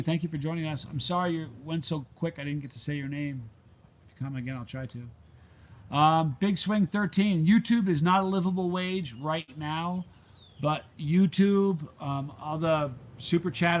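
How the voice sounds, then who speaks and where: A man's voice: fairly high pitch, slight background noise. A middle-aged man hosting his channel's live stream, chatting casually with viewers and drifting off into rambling stories. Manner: rambling, easily sidetracked storyteller. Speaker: channel host reading live chat.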